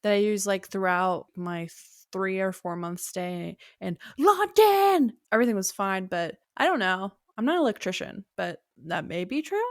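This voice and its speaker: A woman's voice: mid-range voice, very animated, moderate pace, few pauses, no room sound, studio quality. A woman co-hosting a podcast in casual chat, hesitant and laid-back. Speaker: podcast co-host.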